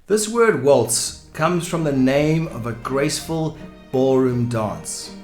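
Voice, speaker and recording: A man teaching English vocabulary in a clear, explanatory way, giving example sentences. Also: mid-range voice, lively intonation, takes it slowly. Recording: echoey room with soft music.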